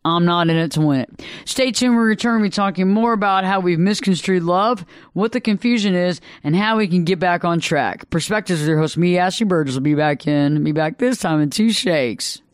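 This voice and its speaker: A high-voiced man hosts a live radio advice program, speaking with a smooth, resonant tone. He lectures emphatically and repeats his points for effect. The sound is dry and close, with almost no room echo. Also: a little fast, few pauses. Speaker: radio talk show host.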